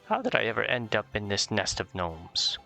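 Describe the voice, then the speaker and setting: A man voicing a weary, grumbling male seagull in a gruff voice. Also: fairly low pitch, huge pitch swings, normal speed, bright, forceful tone, faint music behind, full character voice.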